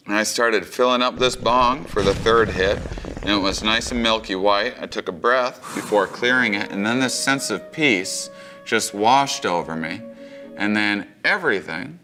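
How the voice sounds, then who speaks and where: A man telling a comic story, animated and acting out the voices, jumping high when he plays his own panic. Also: a little slow, over music. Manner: animated, acts out voices, big pitch jumps for panic. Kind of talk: comedic storytelling.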